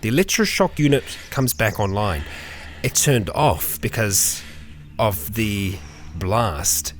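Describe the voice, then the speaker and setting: Lively low-voiced man playing a game. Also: slow, a little hiss or hum. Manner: chatty, talks to game characters, bursts into mock fury and laughter. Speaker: let's play host. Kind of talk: casual game commentary.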